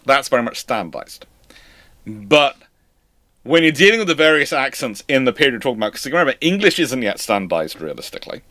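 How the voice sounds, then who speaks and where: A man's voice: mid-range voice, sing-song, a little fast, bright, forceful tone, no echo. A man hosting a live-stream history lecture, explaining in a conversational, digressive way. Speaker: host.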